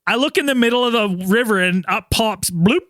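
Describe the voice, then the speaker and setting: A man hosting a casual podcast, telling a story in an animated way with lots of swearing. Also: sits high, fairly quick, no echo, clean studio sound. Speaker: podcast host.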